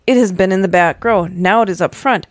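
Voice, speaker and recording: A woman hosting a podcast reads a spooky choose-your-own story aloud, fairly quickly, in a dry, clean studio recording. She gives it playful dramatic emphasis and voices the characters, pitching up for the child's lines.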